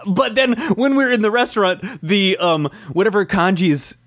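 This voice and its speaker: A man's voice: high-pitched, animated, moderate pace, fairly bright tone. A man chatting casually about a video game with a friend, laughing often and now and then breaking into silly singing.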